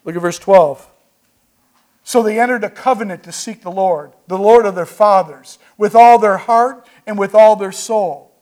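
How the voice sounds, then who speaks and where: A man preaching as pastor, telling folksy stories with call-and-response asides and swinging from quiet remarks to loud bursts. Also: sits high, normal speed. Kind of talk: sermon.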